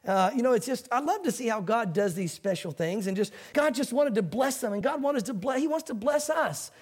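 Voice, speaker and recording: A middle-aged man preaching a sermon as a pastor, talking in a relaxed, folksy way. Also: very high voice, brisk. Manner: conversational, folksy preaching with quoted voices.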